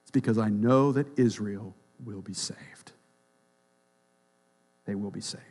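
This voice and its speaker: A pastor preaching a sermon in a church, emphatic, swinging between loud declarations and quiet, dropped phrases. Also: male voice, unhurried. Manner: emphatic, rises and drops sharply in pitch and volume.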